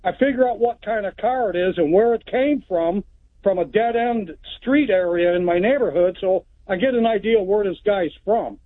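A man's voice: high-pitched, normal speed. Plainspoken male caller on a tinny phone line. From Texas. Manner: rambling, plainspoken, retells events step by step. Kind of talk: phone-in storytelling.

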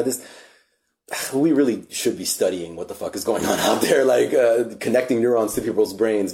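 A man hosting a podcast, talking in a relaxed, reflective way and swearing casually. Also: medium pitch. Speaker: podcast host. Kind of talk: casual chat.

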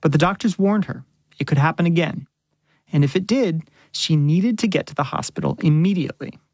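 A woman reporter narrating a radio news story in a measured, clear storytelling voice. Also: low-pitched, a little mellow, dry recording.

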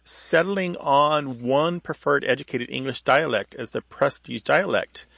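Man, co-host on radio, gravelly voice, dry studio sound, thoughtful explainer. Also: medium pitch, unhurried, a bit bright, no room sound. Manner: thoughtful, explains at length with small restarts. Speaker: radio show co-host, language expert.

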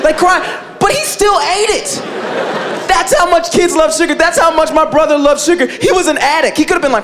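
Male stand-up comic, high and bouncy delivery, filler-heavy, live room with audience. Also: unhurried, crowd noise, background noise. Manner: animated, filler-heavy, acts out voices. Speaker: stand-up comedian. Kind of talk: stand-up storytelling. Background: audience laughter.

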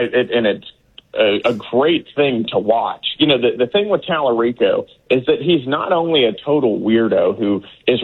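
A man's voice: mid-range voice, husky. A man speaking as a political guest, scornful and dismissive, laughing at his opponents. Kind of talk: remote interview commentary. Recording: tinny phone-like line.

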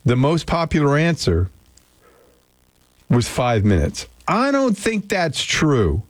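A man's voice: a little high, huge pitch swings, takes it slowly, no room sound. A man hosting a casual radio show, rambling and chatty, poking fun at himself as he talks to listeners and co-hosts in a studio. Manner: rambling, chatty, self-deprecating. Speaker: radio host. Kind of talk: casual morning radio chat. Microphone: studio microphone.

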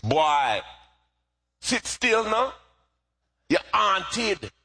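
A woman's voice: medium pitch, very animated, very slow, pushed and bright, pitched above the performer's own voice, heavily acted. A man voicing a stern Jamaican mother who scolds her restless son with emphatic, repeated commands. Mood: scolding.

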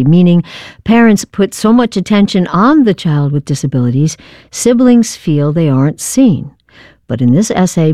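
A woman radio host reading a calm, explanatory scripted introduction. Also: fairly low pitch, no echo, clean studio sound.

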